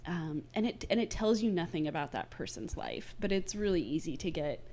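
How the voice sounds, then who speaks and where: A woman's voice: lowish voice, big pitch swings, fairly quick, mellow. A woman guest on a podcast, talking casually and frankly, rambling with lots of fillers. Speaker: podcast guest, wellness co-founder. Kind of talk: casual chat.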